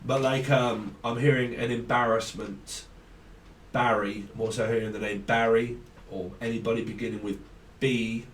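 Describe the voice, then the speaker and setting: A man's voice: mid-range voice, steady tone, moderate pace, slight background noise. A man doing a casual tarot reading, rambling and free-associating names and laughing often. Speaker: tarot reader. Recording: echoey room, mic at a distance.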